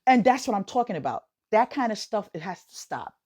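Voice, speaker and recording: An American woman hosting a podcast, talking casually in an animated way, laughing often and swooping up high for emphasis. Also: brisk. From United States. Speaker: podcast host. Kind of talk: casual monologue.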